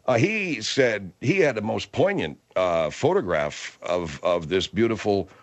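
A man's voice: fairly low pitch, big pitch swings, measured pace. A man hosting a comic radio show, rambling and stumbling over his words. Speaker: radio host.

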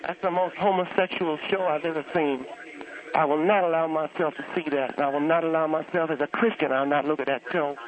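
A crude, cranky old churchgoing aunt, put on by a man, griping in a high, pinched voice. She is blunt and insulting, and the sound comes through a thin, tinny phone line. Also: fairly even intonation, brisk, close to an everyday voice. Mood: grumpy, scornful. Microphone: telephone.

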